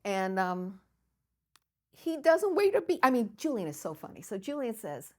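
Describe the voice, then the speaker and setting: An older woman from the United States, recounting memories in an interview with lively storytelling and frequent laughter. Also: medium pitch, normal speed. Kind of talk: oral history storytelling.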